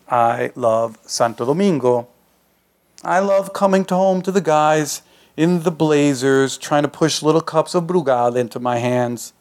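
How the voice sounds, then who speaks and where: A man reads his own fiction aloud in a loose, conversational first-person voice. The delivery is streetwise and unpolished, like someone talking to his friends. His voice sits a touch high for a man. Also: a little mellow. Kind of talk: live reading of a short story.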